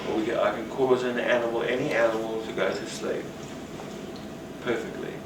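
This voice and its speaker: Man, workshop teacher, rambling, animated, distant mic, noisy roomy recording. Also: medium pitch, moderate pace. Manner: rambling, animated, acts out quoted voices. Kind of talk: teaching talk on rapport.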